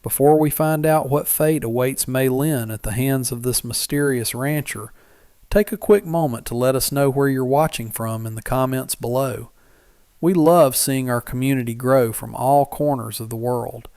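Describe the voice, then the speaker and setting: Male storyteller, scripted narration, measured and dramatic, mid pitch, dry studio sound. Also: darkish tone, clear, resonant tone, no room sound.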